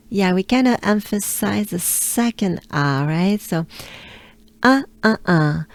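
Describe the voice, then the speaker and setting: Slow, encouraging French woman coaching pronunciation. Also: medium pitch, animated, no echo. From France. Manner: slow, drawn-out modeling of sounds, cheerful and encouraging. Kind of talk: pronunciation lesson.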